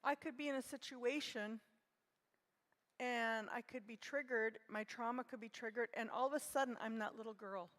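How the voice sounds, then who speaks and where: Woman, 60s, gentle reflective speaker; high-ish voice, reverberant hall. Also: steady tone, moderate pace. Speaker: conference speaker. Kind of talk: personal talk at a conference.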